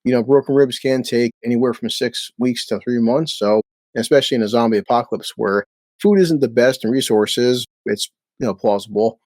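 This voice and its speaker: A man's voice: mid-range voice, fairly quick, darkish tone, no room sound. A man giving a casual recap of a TV episode, blunt and sarcastic, swearing freely. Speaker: show recap host.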